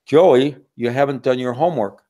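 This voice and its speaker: A man's voice: mid-range voice, big pitch swings, a little fast, mellow, husky. A man playing a nagging, scolding dad. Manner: nagging, exasperated. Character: stern scolding father, middle-aged man.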